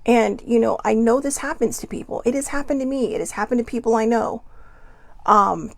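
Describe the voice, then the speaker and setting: A woman's voice: a little high, a little fast, gravelly, dry recording. A woman hosting her own show, talking casually about emotions, chatty and self-deprecating, full of rhetorical questions. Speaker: host. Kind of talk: casual motivational talk.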